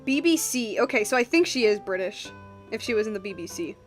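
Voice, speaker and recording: A young woman streaming a video game, chatting casually, excitable and giggly, with lots of restarts and "like"s. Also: a little high, normal speed, soft background music. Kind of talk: casual game livestream commentary.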